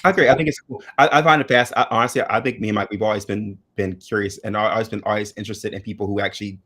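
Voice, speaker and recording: A man co-hosting a casual news chat, recounting stories in a halting, chatty way. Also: lowish voice, fairly even intonation, fairly bright tone. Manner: chatty, halting with fillers and restarts. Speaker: co-host.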